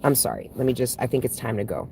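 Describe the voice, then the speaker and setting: A woman's voice: extremely low pitch, lively intonation, fast talker, warm tone, a little hiss or hum. A woman hosting a spiritual livestream, chatting casually and frankly with viewers, swearing freely and laughing often. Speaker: spiritual reader and livestream host. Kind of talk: casual livestream chat reading viewer comments.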